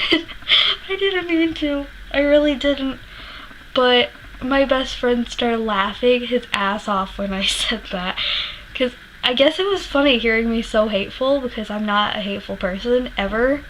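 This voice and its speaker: A woman vlogger with a slightly high-pitched voice recounts a personal story straight to camera. She curses freely and laughs as she talks, and she sounds emotional while remembering it. A faint hiss sits under the recording. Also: measured pace, fairly bright tone, rough recording.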